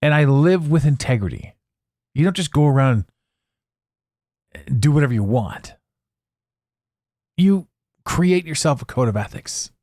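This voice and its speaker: Blunt, animated man riffing on a podcast. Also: on the high side, unhurried, long pauses, no room sound, studio quality. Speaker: podcast host. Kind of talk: casual monologue.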